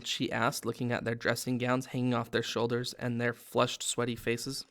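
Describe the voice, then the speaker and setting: A man's voice: mid-range voice, steady tone, moderate pace, gravelly, fairly bright tone. A man hosting a read-aloud video, reading a novel aloud with dramatic pacing.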